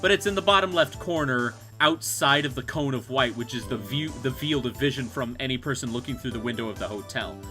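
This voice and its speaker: A man's voice: medium pitch, brisk, few pauses, bright, forceful tone. A young man casually commenting on a game he is playing and thinking aloud, with game music underneath. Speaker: let's play host. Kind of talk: gameplay commentary.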